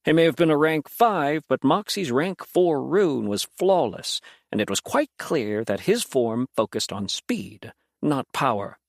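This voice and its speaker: Male audiobook narrator, lively pitch, dry close sound, fantasy storytelling. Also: unhurried, creaky, dry recording.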